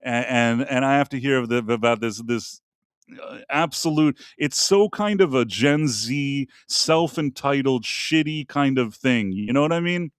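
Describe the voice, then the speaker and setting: A man's voice: medium pitch, unhurried, clear, resonant tone, dry recording, studio quality. Rambling, blunt man hosting a live chat. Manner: blunt, opinionated, rambling with profanity. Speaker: podcast host. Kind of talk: casual live-stream chat.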